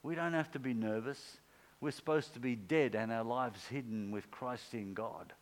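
A man's voice: moderate pace, rough recording. Man preaching a conversational sermon. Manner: conversational, acts out quoted speech with pitch swings. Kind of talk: informal sermon.

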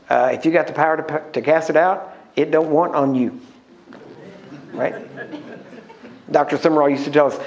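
A man preaching a sermon, emphatic, slowing down to stress key words and asking the congregation questions. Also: on the high side, steady tone, darkish tone, highs cut off.

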